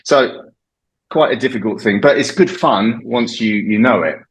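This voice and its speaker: A man's voice: mid-range voice, normal speed, rough recording. A middle-aged man from England, an English teacher, chatting casually and explaining slang, laughing often. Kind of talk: casual chat about slang.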